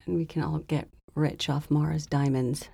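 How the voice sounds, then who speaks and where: A woman with a slightly low voice chats and tells stories in an animated way on a casual podcast. The recording is dry and close, with no room sound. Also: unhurried, creaky, breathy edge, no echo. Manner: chatty, animated storyteller. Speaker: podcast co-host. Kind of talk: casual chat.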